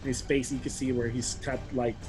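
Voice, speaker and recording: A man's voice: mid-range voice, level tone, brisk, a little mellow. A man narrating a tabletop game as game master, rambling along with lots of fillers.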